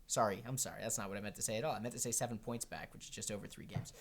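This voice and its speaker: A man's voice: lowish voice, fairly even intonation, racing, slight background noise. A man co-hosting a podcast, chatting casually about sports in a joking, teasing way. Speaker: podcast co-host.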